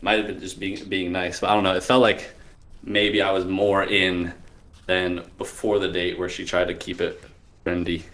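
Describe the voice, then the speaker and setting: Low-voiced, hesitant young man. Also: flat delivery, normal speed, fairly bright tone. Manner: hesitant, trails off, tentative. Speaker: caller, medical student asking for advice. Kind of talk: casual conversation.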